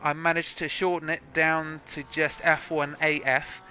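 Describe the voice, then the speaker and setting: A man's voice: on the high side, flat delivery, a little slow, bright, forceful tone, a little hiss or hum. A young man from South Africa giving live sim racing commentary in a chatty, joking, self-deprecating way. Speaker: race commentator.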